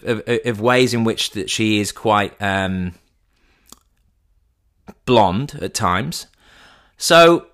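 A man's voice: fairly low pitch, a bit bright. A man in his thirties hosting a podcast, telling a story in a chatty, teasing way. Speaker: podcast host. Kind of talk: comic storytelling.

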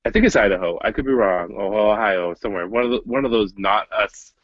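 A young man co-hosting a casual podcast chat, animated and profane, talking in quick restarts. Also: fairly low pitch, no room sound. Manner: animated, swearing, talks fast and restarts. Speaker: podcast co-host. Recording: dull lo-fi sound.

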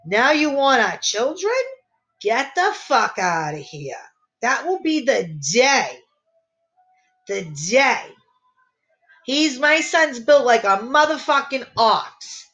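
A woman's voice: high voice, very animated, takes it slowly, long pauses, a bit bright, rough recording. A woman in her thirties hosting a podcast, ranting to listeners in a fiery, profane, rambling way with many restarts. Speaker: podcast host. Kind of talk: casual profane rant to listeners.

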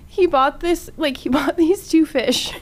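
Woman in her 30s, radio co-host, animated storyteller who keeps laughing, slightly high voice, close studio mic. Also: measured pace. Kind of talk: casual studio chat. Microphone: studio microphone.

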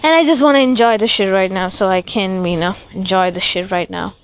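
A woman's voice: medium pitch, a little fast, clear, resonant tone, no room sound. A young woman tells a rambling storytime vlog on a rooftop at night. She swears casually and acts out the voices of people she quotes. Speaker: vlogger.

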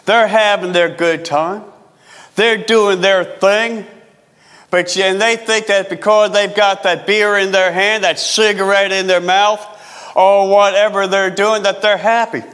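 A male pastor preaching a sermon, repeating phrases for emphasis and stretching key words slowly. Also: high voice, a bit bright, in a large hall.

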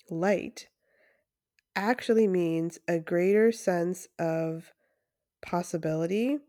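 A woman's voice: lowish voice, dark tone, no echo. Chatty, enthusiastic woman podcaster, dry close sound. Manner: enthusiastic, chatty, frequent fillers and restarts. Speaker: podcast host and breathwork facilitator. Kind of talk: casual solo podcast monologue.

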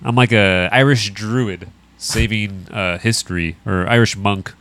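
A man's voice: fairly low pitch, steady tone, measured pace, a bit bright. A man talking as a guest on a podcast, joking and teasing his friend in casual chat.

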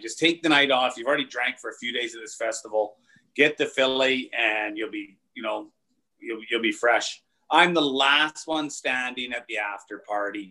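A man, a comedian, telling casual, profane anecdotes with laughs in a relaxed chat. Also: mid-range voice. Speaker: comedian guest.

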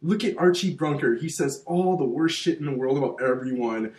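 A man co-hosting a casual podcast chat, telling stories in an animated, heated way with plenty of swearing. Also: fairly high pitch, a little fast. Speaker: podcast co-host. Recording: roomy echoey room.

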